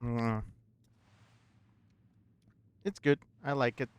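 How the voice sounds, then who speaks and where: A man's voice: mid-range voice, fairly even intonation, drawn-out words, clean tone, no echo. A man casually commenting on his gameplay with playful, goofy asides. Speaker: streamer.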